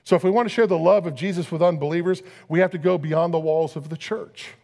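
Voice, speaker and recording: Conversational preacher in a reverberant church. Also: male voice, a little high, fairly even intonation, fast, gravelly, a little mellow. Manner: conversational preaching with rhetorical questions. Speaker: pastor. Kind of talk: sermon.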